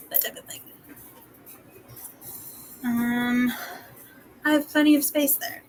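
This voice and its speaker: Young woman vlogger, high voice, casual and chatty, frequent whispered asides, faint room noise. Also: fairly even intonation, measured pace, pauses often, rough recording. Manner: chatty, drops to soft whispered asides while writing. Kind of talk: casual planning vlog.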